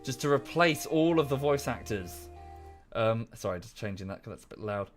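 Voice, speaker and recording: Thirties male streamer, mid-pitched, rambling and ranting into a close mic. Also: animated, normal speed, faint music behind. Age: 30s. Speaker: game streamer. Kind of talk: casual live-stream chat. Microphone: close to the microphone.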